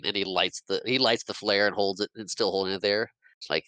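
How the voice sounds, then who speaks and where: A man's voice: on the low side, moderate pace, no echo, poor audio. Man animatedly retelling a movie. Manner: animated retelling, acting out quoted lines, frequent laughs. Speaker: podcast co-host recapping a movie. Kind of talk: casual chat.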